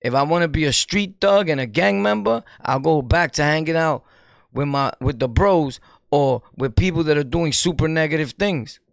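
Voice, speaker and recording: A man with a New York accent, a streamer giving an animated, preachy commentary in street slang and laughing often. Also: on the high side, normal speed, vocal fry, no room sound, clean studio sound. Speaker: streamer and YouTuber. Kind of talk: casual commentary monologue.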